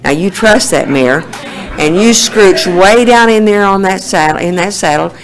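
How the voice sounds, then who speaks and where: A woman putting on the voice of a gruff old male horse trainer, coaxing in a folksy drawl. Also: mid-range voice, animated, moderate pace, slight background noise, voice pushed up, close to an everyday voice, poor audio.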